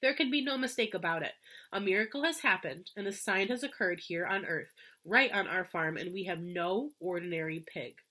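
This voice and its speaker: An earnest middle-aged farmer, shaken and insistent, his voice climbing as he grows excited, as a woman teacher reads him aloud. He speaks solemnly and presses his point in a storybook reading. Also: on the low side, moderate pace.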